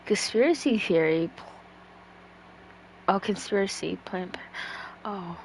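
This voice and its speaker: A woman's voice: mid-range voice, expressive, slow pace, a little hiss or hum. A woman chatting casually on a stream, rambling with lots of fillers and swearing freely.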